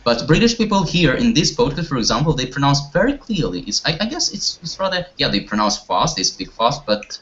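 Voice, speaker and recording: A man's voice: mid-range voice, sing-song, fairly quick, few pauses, fairly bright tone. A man teaching an online English class, talking hesitantly with many fillers and restarts. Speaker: language teacher. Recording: dull lo-fi audio.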